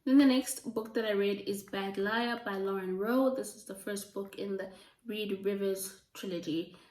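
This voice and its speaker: A woman talks casually through her reading, full of "like" and "um" fillers, her voice starting to wear hoarse. She sits some way from the mic, and the room rings around her. Her pitch sits in the middle for a woman. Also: moderate pace, a little mellow. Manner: chatty, gushing, full of "like" and "um". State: voice going hoarse. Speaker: book reviewer. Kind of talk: casual book review chat. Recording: roomy, from a distance.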